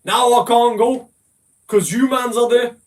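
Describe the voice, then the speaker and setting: A man hurls profane insults in a game voice chat, mocking and relentless. His voice sits high for a man. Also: fairly even intonation, a little slow. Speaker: gamer in a voice call. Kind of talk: casual trash talk.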